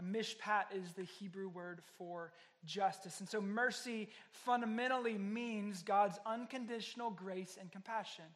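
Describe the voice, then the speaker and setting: High-voiced man preaching a teaching sermon. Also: a bit bright. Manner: earnest, explanatory, with frequent restarts. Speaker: pastor.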